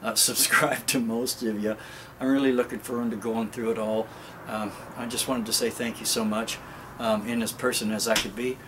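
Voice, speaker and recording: A man with a medium-pitched voice rambles through a casual garden vlog outdoors, often breaking into chuckles as he talks straight to his viewers. Soft background noise sits behind him. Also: flat delivery, moderate pace. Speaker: gardening video host. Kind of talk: casual show-and-tell vlog.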